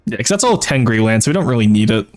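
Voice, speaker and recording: A man's voice: medium pitch, sing-song, rapid-fire, faint music behind. A man streaming a strategy game, casually thinking aloud and explaining his tactics with frequent "uh"s and self-corrections. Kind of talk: casual live-stream commentary.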